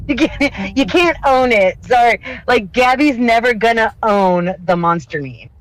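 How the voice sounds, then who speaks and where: On a podcast she co-hosts, a young woman rants and swears in casual conversation, putting on mocking voices to imitate people. She sounds expressive and on the high side, unhurried, in a rough recording with no room sound.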